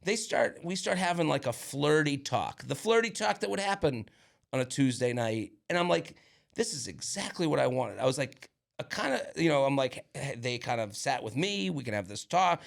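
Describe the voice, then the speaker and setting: A man co-hosting a podcast, telling an animated, rambling story in casual chat with lots of fillers and restarts. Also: mid-range voice, normal speed, gravelly. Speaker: podcast co-host.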